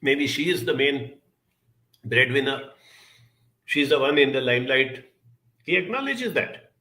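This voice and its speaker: A man's voice: mid-range voice, animated, measured pace, pushed and bright. A middle-aged man giving an earnest reflective talk and telling a story from his childhood. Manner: earnest, storytelling, addresses listeners directly. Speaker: speaker.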